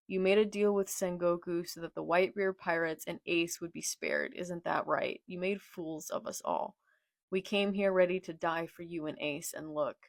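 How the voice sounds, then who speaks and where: Bitter betrayed pirate captain, read out by a woman, quiet accusing tone, lowish and dry. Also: creaky, no echo. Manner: accusing, subdued read-aloud.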